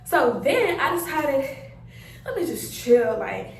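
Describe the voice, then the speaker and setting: A young woman, telling a story in an animated, chatty way and acting out her own reactions. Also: high-pitched, slow pace, vocal fry. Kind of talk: casual storytime chat. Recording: roomy sound, mic a bit far off.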